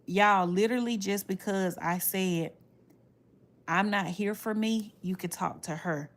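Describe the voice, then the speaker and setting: A woman, casually telling viewers a story in a blunt, animated way and swearing freely. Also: medium pitch, a little slow. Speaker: livestreamer talking to viewers.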